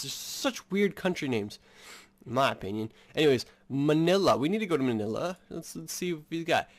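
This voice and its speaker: A man's voice: fairly high pitch, expressive, a little fast. A man giving casual game commentary, reading story text aloud and rambling with lots of filler words. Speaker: gameplay streamer.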